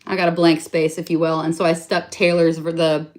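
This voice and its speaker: A young woman with a slightly low voice talks through a handmade craft project in a casual vlog. She rambles and trips over her own sentences, stopping to correct herself. She pokes gentle fun at how far she went with it. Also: little pitch movement, a little fast. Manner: chatty and rambling, full of self-corrections and hedging fillers; enthusiastic and self-mocking about her detail. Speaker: craft vlogger. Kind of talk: casual show-and-tell.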